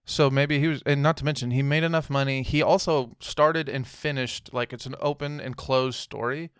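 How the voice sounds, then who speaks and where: A man's voice: medium pitch, steady tone, normal speed, clear, resonant tone, no echo, studio quality. A young man co-hosting a podcast, talking casually in a blunt, joking way and swearing freely. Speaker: podcast co-host. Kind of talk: casual chat.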